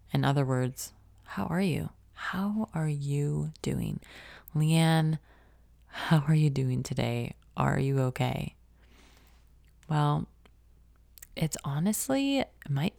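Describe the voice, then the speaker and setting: A woman's voice: low-pitched, vocal fry, darkish tone, no room sound, clean studio sound. A young adult woman hosting a podcast, talking reflectively and conversationally, asking many questions and sometimes dropping to a whisper. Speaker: podcast host. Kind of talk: reflective self-help talk.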